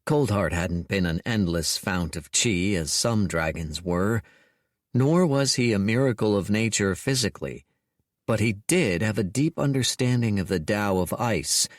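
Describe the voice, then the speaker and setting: A man narrating an audiobook in a wry, measured storytelling manner. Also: fairly low pitch, animated, dry recording, studio quality.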